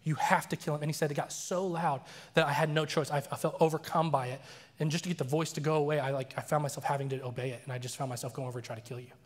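A man preaching a sermon as a story, animated and acting out the voices he quotes. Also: a little high, rapid-fire. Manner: animated, acts out quoted voices, laughs often. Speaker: pastor. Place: church sanctuary. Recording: long reverb of a large church hall.

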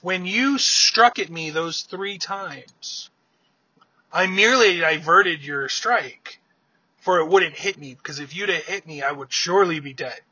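A man voicing a grave, wary male giant king in a casually told myth, speaking in a solemn, measured way. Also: a little high, sharp tone, slightly rough, no echo, highs cut off, exaggerated voice. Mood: explaining.

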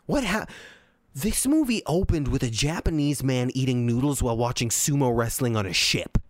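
Animated and speaking at normal speed, a man with a mid-range voice hosts a podcast. Into his desk mic, he delivers a profane, exasperated rant reacting to a movie. The audio has no echo.

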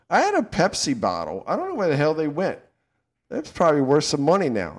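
A middle-aged man with a Southern American accent, co-hosting a casual talk show, animated and fond of swearing and laughing. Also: mid-range voice. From southern United States. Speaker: podcast co-host. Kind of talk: casual chat.

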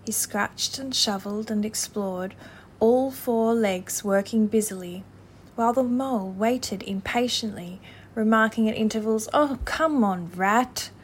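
A woman narrating a classic storybook in an expressive, measured reading voice. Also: on the high side, slightly rough.

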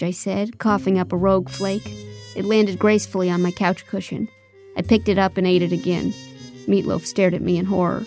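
A woman's voice: mid-range voice, brisk, soft background music. Wry woman narrating a comic audiobook. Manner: wry, deadpan, sarcastic. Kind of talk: first-person comic narration.

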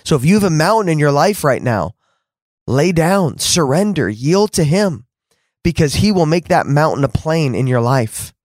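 A man's voice: a little high, sing-song, moderate pace, a little mellow, dry recording, clean studio sound. A man preaching a fervent podcast sermon, repeating words for emphasis and rising to exclamations.

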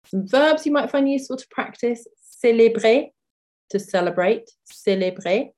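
A woman's voice: sits high, expressive. Chatty woman teaching vocabulary. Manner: chatty, with many fillers, slow careful repetition of words. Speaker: French teacher. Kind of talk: podcast language lesson.

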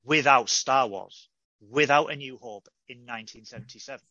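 A man chatting casually on a podcast in a bright, forward voice. He tells stories with animation and slips into quoted lines as he goes. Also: mid-range voice, moderate pace, dry recording, dull audio. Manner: animated storyteller, acting out quotes. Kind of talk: casual chat.

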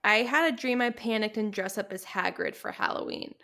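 A woman's voice: mid-range voice, a little fast, gravelly, bright, forceful tone. A woman from the United States co-hosting a casual chat podcast, telling rambling stories and laughing often. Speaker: podcast co-host.

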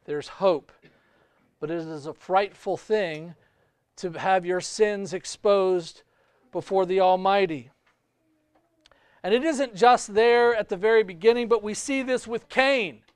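A man preaching a sermon as pastor, emphatic, with big swings in pitch and loudness. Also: takes it slowly, pauses often, smooth, dry recording.

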